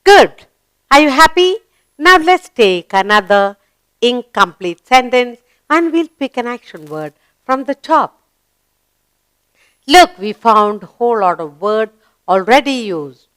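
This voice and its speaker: A woman's voice: on the high side, big pitch swings, slow, long pauses, fairly bright tone, clear, resonant tone, no room sound. A woman teaching a grammar lesson to young children, spelling letters out and asking encouraging questions.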